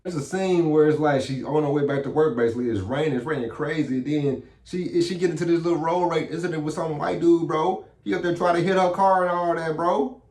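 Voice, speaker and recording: A man recapping a movie plot in a casual, slangy, animated way. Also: on the high side, fairly quick. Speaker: movie reviewer. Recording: echoey room.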